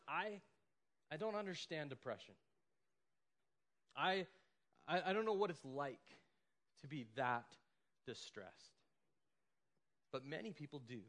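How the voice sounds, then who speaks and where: A man's voice: a little high, a bit bright. A man preaching a sermon in a conversational way, often asking "right?" and acting out the people in the story. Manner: conversational preaching, acts out quoted lines, frequent "right?" and "like". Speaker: pastor.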